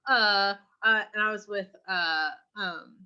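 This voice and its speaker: A woman's voice: medium pitch, takes it slowly, pushed and bright, smooth. A young adult woman co-hosting a podcast, telling a rambling anecdote full of fillers in casual chat. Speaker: podcast co-host. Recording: slightly dull lo-fi mic.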